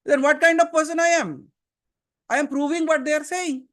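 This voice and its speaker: A man's voice: extremely high pitch, fairly even intonation, moderate pace, fairly bright tone. A man with an Indian accent, giving a satsang sermon as a spiritual teacher and pressing his listeners with earnest, emphatic questions. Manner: switches into Hindi mid-talk. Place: seated before a gathering.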